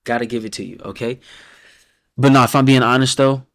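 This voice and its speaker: A man hosting a casual reaction stream who rates viewers' team picks, talking bluntly and with lots of swearing, laughing often and dropping to a low mumble when he reads out names. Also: steady tone, fairly quick, dry recording. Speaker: host reacting to viewers' fan-picked football teams.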